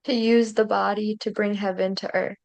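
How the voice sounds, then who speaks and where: A woman psychotherapist appearing as a guest, giving short, calm answers on a spiritual talk show. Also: medium pitch, gravelly, muffled recording. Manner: calm, brief, unhurried replies. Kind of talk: interview answers.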